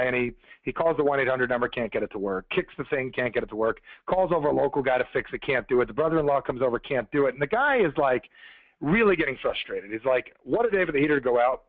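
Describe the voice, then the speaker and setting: Fast-talking man on a tinny phone line. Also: a little high, dry recording. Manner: fast, conversational, addressing listeners directly. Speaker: motivational speaker. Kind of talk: motivational storytelling on a conference call.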